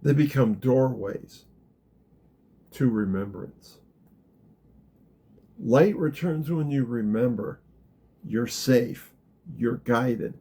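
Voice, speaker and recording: A man leading a gentle guided meditation talk, calm and unhurried, dropping very soft in the guided parts. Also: mid-range voice, breathy edge. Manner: slow, gentle, drops to a near whisper in the guided parts. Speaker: spiritual teacher guiding a practice.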